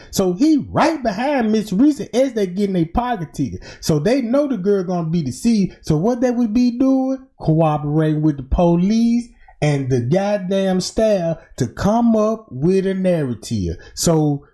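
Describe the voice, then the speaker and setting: This is a casual streamer unpacking a true-crime case for an audience. The voice is mellow and dark in tone, but it moves up and down a lot. It's loose, speculative talk peppered with "boom" and "right?". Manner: informal, keeps saying "boom" and "right?". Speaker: livestream commentator.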